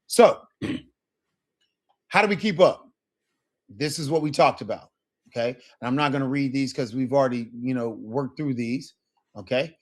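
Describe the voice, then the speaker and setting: A man whose first language is English, teaching a Spanish class in a lively, upbeat way and checking in with "right?" and "okay?". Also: medium pitch, measured pace, pauses often. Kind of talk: classroom lesson.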